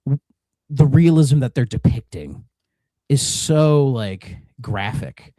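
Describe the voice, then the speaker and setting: A man's voice: mid-range voice, animated, slow, dark tone, dry recording. Man, podcast co-host, casual rambling chat, swears a lot, dry close sound.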